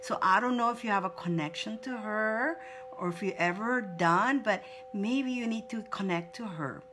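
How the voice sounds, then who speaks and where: A woman's voice: medium pitch, normal speed, background noise. A woman hosting a live card reading for her viewers, effusive and exclaiming, repeating her words over and over. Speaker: psychic card reader, host.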